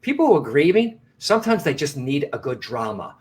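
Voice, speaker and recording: A man's voice: on the high side, sing-song, brisk. Earnest man reassuring his viewers. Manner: frequent restarts and repeated phrases. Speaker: psychic medium and co-host. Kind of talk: live broadcast conversation.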